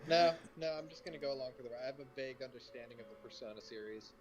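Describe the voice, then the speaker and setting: A man's voice: medium pitch, rapid-fire, rough recording. Dry, sarcastic man on a phone. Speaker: stream co-host. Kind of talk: casual chat over gameplay. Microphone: phone over voice chat.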